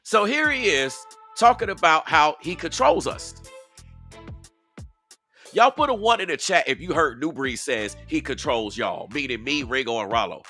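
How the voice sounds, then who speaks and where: A man's voice: a little high, expressive, moderate pace, bright, forceful tone, faint music behind. A man hosting a casual live-stream commentary, talking straight to his viewers and repeating himself for emphasis. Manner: repetitive, emphatic, addresses viewers directly. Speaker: online commentary host. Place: outdoors.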